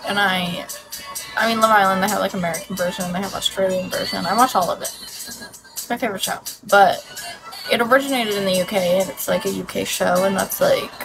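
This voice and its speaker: A woman's voice: medium pitch, fairly even intonation, brisk, creaky, poor audio. A young woman from Canada, chatting casually on a livestream, rambling and filling her talk with "like". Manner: rambling, filler-heavy, lots of "like". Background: music playing.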